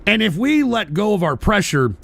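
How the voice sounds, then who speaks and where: A man hosting a political radio show, ranting in a combative, profane way, often shouting and tagging lines with "all right?". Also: high-pitched, sing-song, moderate pace, vocal fry. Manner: repeats "all right?" and "for Christ's sake". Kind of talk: political call-in rant.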